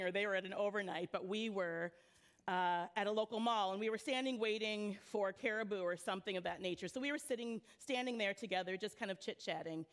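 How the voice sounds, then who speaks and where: A woman youth pastor giving a church sermon, praying and then telling stories in a relaxed, conversational way with frequent laughter. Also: mid-range voice. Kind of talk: sermon with storytelling. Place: church sanctuary.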